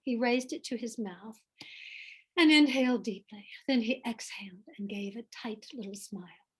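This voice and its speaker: Woman author, novel reading, expressive, unhurried, breathy voice, slightly high. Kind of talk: reading from her own novel. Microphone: online event, home setup.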